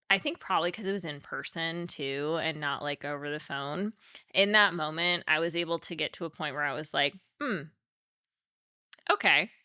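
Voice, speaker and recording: A young woman with a low, bright voice, sharing candidly on a podcast. She speaks openly and emotionally, looping through fillers as she works out her thoughts. The sound is dry and close, her tone crisp. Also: no echo. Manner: open and emotional, quick, many "like" fillers. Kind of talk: candid conversational podcast talk.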